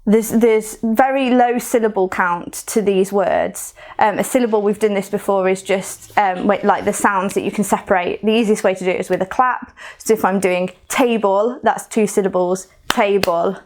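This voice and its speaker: A woman's voice: mid-range voice, steady tone, normal speed, few pauses, a little mellow. A woman with a Coventry accent leading a recorded poetry lesson, explaining in a chatty way with fillers and restarts. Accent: Coventry English. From Coventry, England. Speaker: poetry workshop leader.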